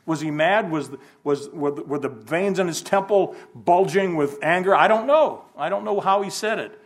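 A man with a high-sitting voice teaches an informal Bible class at normal speed, thinking out loud, posing rhetorical questions and slipping in folksy humor.

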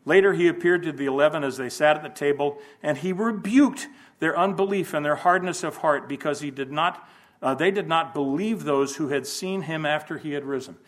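A man's voice: fairly high pitch, a little fast. A man giving an informal Bible lesson, thinking aloud, asking rhetorical questions and adding folksy humor. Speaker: Bible class teacher.

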